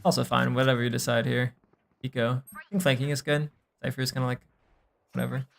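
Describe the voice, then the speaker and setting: A young man with a gravelly, creaky edge talks through gameplay on a stream, coaching in a loose, unhurried way. He thinks aloud, trails off into fillers and drops the occasional swear. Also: medium pitch, little pitch movement. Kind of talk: casual gameplay review.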